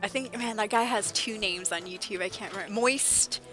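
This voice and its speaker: A woman streamer chatting casually while playing a game, animated storyteller who laughs often. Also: medium pitch, moderate pace. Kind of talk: casual gameplay livestream chat. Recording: game music behind voice. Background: game music.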